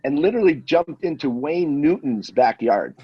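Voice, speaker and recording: A man in his fifties telling a wild anecdote in a casual, animated way, acting out the voices of the people in it. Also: on the high side, normal speed. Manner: animated storyteller, acts out voices. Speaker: guest storyteller. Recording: dull lo-fi audio.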